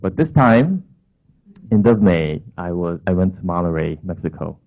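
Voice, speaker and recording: A man's voice: low voice, animated, moderate pace, creaky. A man preaching in a conversational storytelling way, telling a personal anecdote with frequent asides. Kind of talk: storytelling sermon. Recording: tinny phone-like sound.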